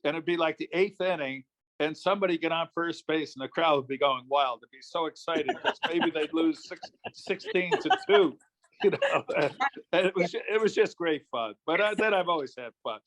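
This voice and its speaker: As a guest in a casual interview, an older ex-politician from New York State, USA, tells easygoing stories at a moderate pace. His voice is fairly high and a bit bright.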